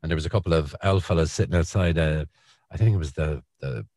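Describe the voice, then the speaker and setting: A man's voice: rumbling low, fast talker, a little mellow, dry recording, studio quality. A man with a Cork Irish accent, hosting a podcast in a casual chatty way and telling stories with laughs. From Ireland. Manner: chatty storyteller, laughs along. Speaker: podcast host. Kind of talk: casual chat.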